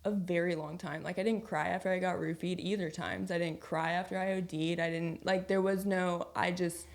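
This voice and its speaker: A young adult woman talking as a podcast guest, telling her personal faith story in a casual, chatty way, full of "like" and quick laughs. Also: lowish voice, fairly even intonation, vocal fry. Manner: chatty, filler-heavy with frequent "like"; laughs easily mid-story.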